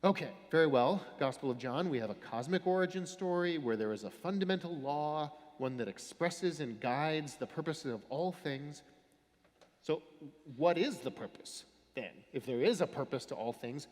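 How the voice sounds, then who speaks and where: A man preaching a sermon as pastor, wry and explanatory, with dramatic pauses. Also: a little high, expressive, darkish tone. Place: large church. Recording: long church reverb.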